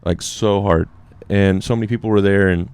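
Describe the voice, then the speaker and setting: A man's voice: steady tone, moderate pace, darkish tone, clear, resonant tone, dry recording. A young adult man, a guest comedian, tells a story in casual chat, rambling with fillers and acting out quotes. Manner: rambling, many fillers, acts out quotes in a higher voice.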